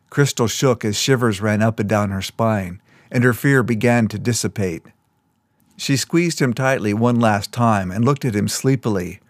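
A man reading scripted fiction aloud in a measured, even storytelling manner. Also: lowish voice, dry recording, clean studio sound. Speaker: audiobook narrator.

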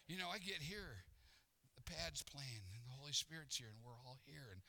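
Gravelly, bright-voiced man preaching. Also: medium pitch, brisk. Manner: animated storyteller, acts out exasperation. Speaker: pastor. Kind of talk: sermon storytelling.

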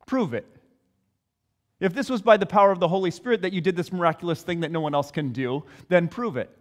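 A male pastor delivers a sermon in a church sanctuary and retells the story with lively, conversational energy. His voice is fairly high for a man. Long reverb rings around each phrase. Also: quick pace.

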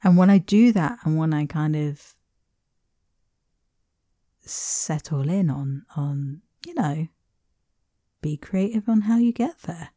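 A woman hosting a reflective solo podcast, meandering gently with soft laughs and whispered asides. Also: deep voice, slow pace, pauses often, dry recording, studio quality. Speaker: podcast host.

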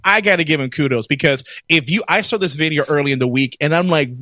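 A man's voice: a little high, fast talker, few pauses, pushed and bright, no room sound. A man co-hosting a casual talk show, bantering and laughing often. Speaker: co-host. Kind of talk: casual chat.

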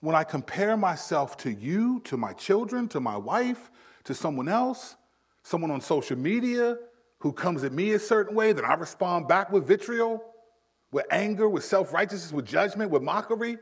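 A man in his thirties preaching a sermon in a conversational style, acting out quick quotes. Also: sits high, big pitch swings, slightly rough. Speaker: pastor.

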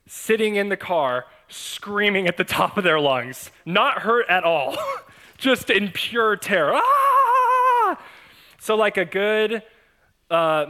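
A man preaching to his congregation, telling a personal story with humor and frequent laughs, acting out the voices of the people in it. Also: high-pitched. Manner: animated, self-mocking, laughs often. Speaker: pastor. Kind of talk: storytelling sermon.

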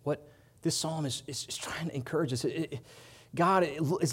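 A man preaching a sermon in an earnest way, rising loud on his appeals and dropping soft on quiet lines. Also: a little high, moderate pace, slightly rough. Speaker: pastor.

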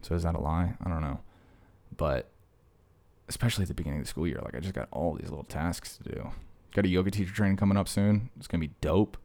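Speaking quickly in a low, slightly mellow voice, a man vlogs casually to camera. He jokes around and wanders off on tangents as he hops between stories.

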